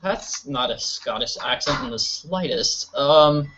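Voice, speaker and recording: A man chatting through a video game, joking as he goes. His pitch jumps around a lot. The recording sounds dull and lo-fi. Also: measured pace, a little hiss or hum. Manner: joking, animated, silly voices. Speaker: let's play host. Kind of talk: casual gameplay commentary.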